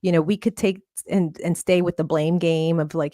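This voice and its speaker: A woman's voice: on the low side, steady tone, moderate pace, mellow, no room sound, clean studio sound. A woman therapist, a guest on a podcast, talking in an earnest, encouraging way. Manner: earnest, encouraging, laughs often. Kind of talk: casual interview talk.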